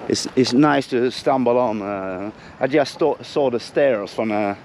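A man with a hoarse voice chatting casually on a hike, talking in a relaxed way with restarts. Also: medium pitch, unhurried, slight background noise. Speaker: travel vlogger. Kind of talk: casual chat while hiking. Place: outdoors on a hilltop.

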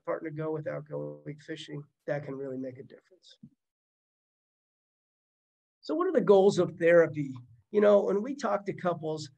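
A middle-aged man gives a counseling webinar in a high voice with a gravelly edge. He talks in an easy, conversational way and keeps checking in with his listeners. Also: darkish tone, rough recording. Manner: conversational, uses tag questions and examples. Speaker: marriage counselor. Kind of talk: webinar teaching.

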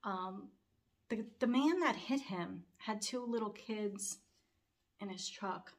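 A middle-aged woman who runs a cross-stitch vlog tells a personal story at a slow pace in a medium-pitched voice. She rambles warmly, full of fillers and restarts, and her voice wavers as if she's close to tears.

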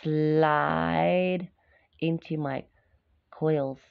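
A woman voicing a sly, hungry male snake who speaks slowly and coaxingly in a storybook reading. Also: low voice, steady tone, creaky, clean tone, exaggerated voice. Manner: slow, coaxing, hissing. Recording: dull, dry lo-fi recording.

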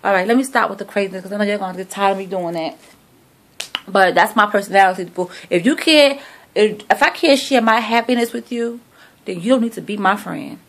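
A woman's voice: mid-range voice, brisk. A middle-aged woman chatting sassily to camera about her shopping haul, recorded on a phone at home. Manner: chatty, sassy, talks to viewers like friends. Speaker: vlogger showing a shopping haul. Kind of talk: casual chat to camera.

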